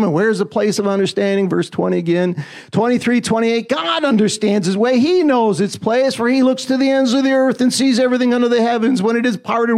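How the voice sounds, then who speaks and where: A man preaching a sermon, reading scripture and urging the listeners on with repeated "come on" calls, often rising close to a shout. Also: sits high. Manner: emphatic, call-and-response fillers, often rising to near-shouting.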